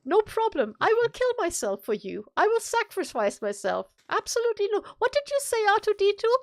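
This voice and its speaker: A woman's voice: very high-pitched, huge pitch swings, a little fast, no echo, clean studio sound, pitched above the performer's own voice, exaggerated voice. C-3PO, a woman doing a posh fussy robot. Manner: posh, flustered.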